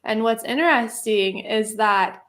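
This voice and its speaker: A woman's voice: on the high side, unhurried, a bit bright. Chatty woman telling a story. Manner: chatty, laughs often, lots of fillers. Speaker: guest. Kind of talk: casual storytelling.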